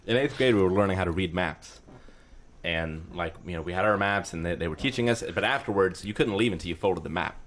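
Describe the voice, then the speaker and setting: Podcast co-host, man, deep low voice, halting casual chat. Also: fairly bright tone, slight background noise. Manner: halting, repeats words when starting.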